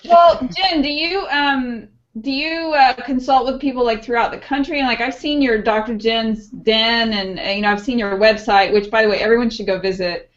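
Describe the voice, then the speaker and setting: A woman's voice: a little high, steady tone, normal speed, few pauses, lo-fi sound. A woman co-host asking a guest rambling questions, full of fillers and restarts. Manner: hesitant, many fillers. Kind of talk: casual interview questions.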